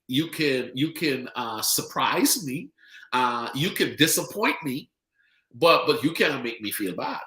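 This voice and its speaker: A middle-aged man from the Bahamas with a Bahamian accent, hosting a casual podcast chat as an animated storyteller who repeats words for emphasis. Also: medium pitch, unhurried, echoey room, poor audio. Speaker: podcast host.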